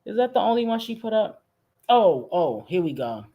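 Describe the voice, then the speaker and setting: A woman commentary streamer with a very animated, mid-range voice reacts to posts, heard through a muffled recording. Her reaction commentary is brash, profane, and mocking, delivered slowly and drawn out.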